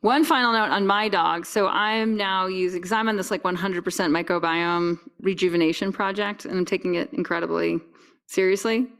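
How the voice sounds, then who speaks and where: A woman's voice: mid-range voice, steady tone, a little fast, a bit bright, clean tone. A woman with a mid-range voice talks candidly in a podcast conversation. Her delivery is enthusiastic and emphatic, with the ease of casual chat. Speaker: podcast guest.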